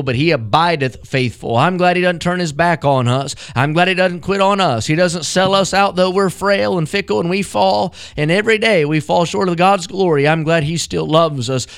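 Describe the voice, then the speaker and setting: Fervent radio preacher man, smooth voice. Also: on the high side, fairly bright tone. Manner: emphatic repetition, rising to fervent peaks. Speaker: assistant pastor, radio preacher. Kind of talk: radio sermon.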